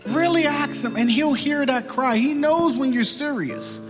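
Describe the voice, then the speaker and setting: A man's voice: extremely high pitch, measured pace, fairly bright tone, long reverb tail, faint music behind. A man preaching and leading an altar-call prayer, building into impassioned, repetitive pleading. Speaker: pastor.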